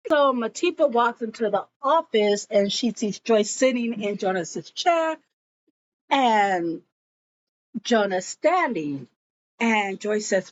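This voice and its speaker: A woman's voice: a little high, expressive, unhurried, slight background noise. A woman vlogger casually recapping a TV episode, telling it as a story and slipping into the characters' lines. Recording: dull lo-fi audio.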